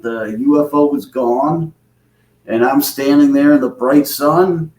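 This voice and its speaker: A man speaks slowly and deliberately as he tells his own story, his voice a touch high. The mic sits some way off, so the sound is roomy and echoing. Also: far from the mic. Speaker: podcast guest. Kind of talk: storytelling recollection.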